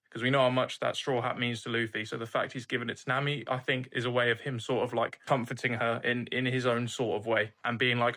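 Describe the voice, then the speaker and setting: A man's voice: medium pitch, little pitch movement, brisk, pushed and bright. A young man hosting an anime reaction channel, recapping an episode in an earnest, emphatic casual way, swearing freely.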